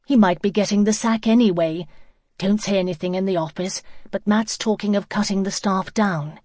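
A woman's voice: medium pitch, moderate pace, warm tone, no room sound, studio quality, natural voice. A woman reading the part of a kind young mother, soothing and coaxing.

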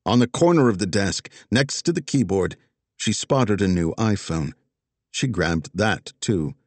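A man narrating a crime story as an audiobook, with expressive, dramatic storytelling. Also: lowish voice, measured pace, no room sound.

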